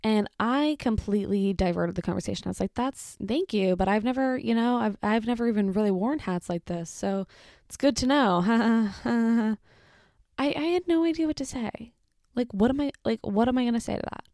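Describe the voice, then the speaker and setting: A young woman telling a story casually, chatty and full of "like", swearing and animated as she retells it. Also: on the high side, moderate pace, no echo, studio quality. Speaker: retail worker telling a story.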